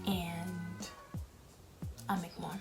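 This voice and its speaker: A woman's voice: lowish voice, flat delivery, drawn-out words, gravelly, over music. A young woman who films herself eating at home and chats to the camera in a blunt, frank way, talking between bites. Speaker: mukbang vlogger. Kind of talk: casual talk while eating.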